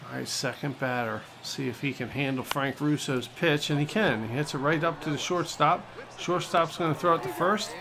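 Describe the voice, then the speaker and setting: A man hosting a gaming channel, giving jokey, excitable play-by-play of his own baseball game. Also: fairly high pitch, background noise. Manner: excitable, jokey, talks to viewers.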